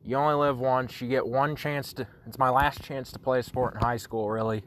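A man's voice: mid-range voice, fairly even intonation, a little fast, a bit bright. Sleepy, profane teenage guy rambling. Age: late teens. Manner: profane, rambling, self-mocking jokes. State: sleepy, yawning. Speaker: podcast host. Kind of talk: casual solo podcast chat.

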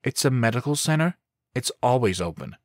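A man's voice: mid-range voice, very animated, brisk, dry recording, clean studio sound, voice pushed up. A man voicing a blunt young woman college student who talks back sharply and indignantly, in an audiobook.

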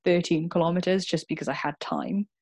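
A woman's voice: lowish voice, sing-song, fairly quick, gravelly, a little mellow, slightly rough. A young woman, talking candidly as a guest in a casual chat. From Wales. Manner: candid, swears, swings from laughing to reflective.

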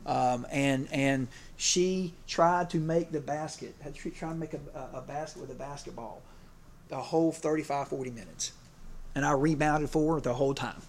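A man's voice: on the high side, normal speed, a little hiss or hum. A man preaching a sermon in a conversational way, with many fillers and restarts, at times emotional as he tells stories. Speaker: preacher and PE teacher.

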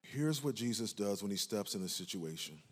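A man's voice: lowish voice, lively intonation, moderate pace, slightly rough. A man preaching a passionate sermon as pastor, asking the congregation if they are with him and rising to emphatic peaks. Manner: impassioned preaching with call-and-response asides.

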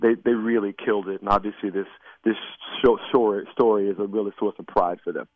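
Male actor guest, deep-ish voice, dry studio sound, lively storyteller. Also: fast talker, no echo, phone-quality sound. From Alabama. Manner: animated storyteller, slips into quoted voices. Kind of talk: casual interview chat. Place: radio studio.

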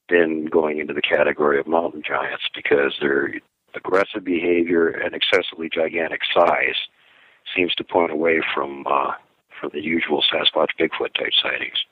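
Deep-voiced male guest on a dull, lo-fi line. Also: fairly even intonation, moderate pace, no room sound. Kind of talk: casual interview chat.

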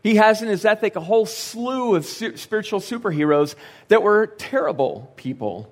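Young male pastor, casual sermon delivery, higher voice, playful asides. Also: lively intonation, normal speed. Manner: conversational, joking asides, acts out quoted lines. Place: church sanctuary.

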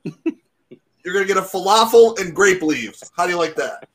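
A man with a notably high voice joins a crude comedy chat with dry, deadpan bits. He plays out complaining customers in a flat, matter-of-fact way. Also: moderate pace.

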